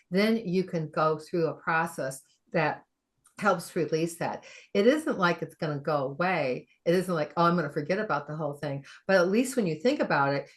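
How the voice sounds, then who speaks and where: A middle-aged woman, a functional medicine practitioner, telling a story in an animated way, acting out the quoted dialogue and laughing often. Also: low-pitched. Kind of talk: conversational storytelling.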